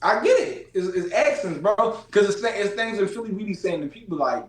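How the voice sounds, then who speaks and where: A man with a higher-pitched voice and a Philadelphia accent talks loosely, in slang, and hammers his points home by saying them again. He is the host of a relaxed chat. His voice rings in an echoey room. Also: fairly quick. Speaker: podcast host. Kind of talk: casual chat.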